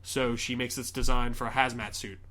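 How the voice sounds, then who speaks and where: A man's voice: mid-range voice, moderate pace. Young man, podcast host, casual movie recap, acts out voices, swears a lot. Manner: animated storyteller, acts out scenes, swears often.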